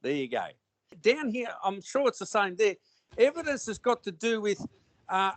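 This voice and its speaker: Australian man, high voice, blunt rambling chat, dry close sound. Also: very animated, normal speed, no echo. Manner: rambling, blunt, with frequent restarts and slang. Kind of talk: casual conversation.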